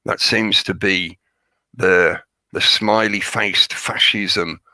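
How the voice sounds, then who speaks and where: Male stream host, hoarse, gravelly, bright edgy tone, dry close sound, chatty and joking. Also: deep voice, steady tone, slow pace, no room sound. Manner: chatty, joking, greets viewers by name. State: hoarse, crackly voice. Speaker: livestream host. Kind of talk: rambling live-stream chat.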